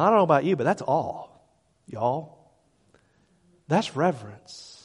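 A man preaching a sermon as pastor, his voice rising to loud, fervent peaks and then dropping to quiet asides, often repeating words as he restarts. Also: a little high, sing-song, unhurried, pauses often, slightly rough. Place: church sanctuary. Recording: hall reverb.

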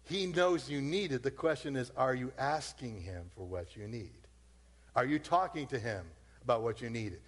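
A man's voice: medium pitch, animated, moderate pace, in a large hall. A man preaching a sermon as a pastor, talking in a loose conversational way and acting out the voices of his listeners.

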